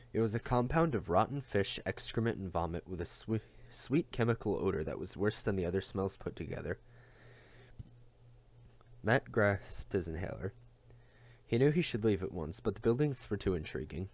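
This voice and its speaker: A man reading a novel aloud as an audiobook, steady and careful, with occasional self-corrections. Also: low voice, moderate pace, lo-fi sound. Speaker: audiobook reader.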